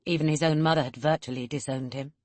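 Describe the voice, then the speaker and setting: Low-voiced woman narrating an audiobook. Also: no echo. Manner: measured, steady storytelling.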